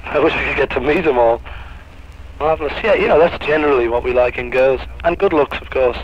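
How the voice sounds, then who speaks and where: A man's voice: medium pitch, a little fast, husky, dull audio. A man answering interview questions in an easygoing, hesitant way. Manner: easygoing, hesitant, lots of "you know". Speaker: musician interviewee.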